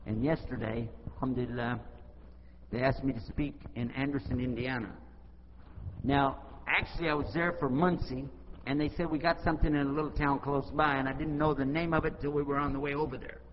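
A man's voice: medium pitch, a little fast. American man preaching in an echoey hall. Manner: animated, acts out both sides of dialogue. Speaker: Islamic preacher. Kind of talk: storytelling talk to an audience. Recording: lo-fi hall recording with faint noise.

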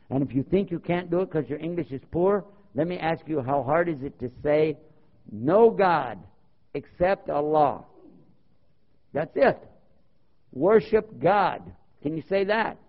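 A man preaching a sermon, animated and full of rhetorical questions, acting out stories. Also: on the high side. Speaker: Muslim preacher. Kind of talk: sermon with storytelling. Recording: dull lo-fi tape.

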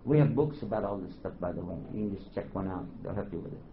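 A man giving a religious lecture to a live audience, animated, quizzing the crowd and joking. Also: low-pitched, quick pace. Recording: dull lo-fi recording, faint hiss.

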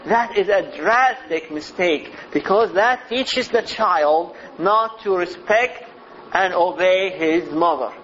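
A male preacher with a high voice speaks slowly and deliberately, stacking phrases into repetitive lists. The recording is muffled and lo-fi, with faint ambient noise behind him. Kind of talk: sermon.

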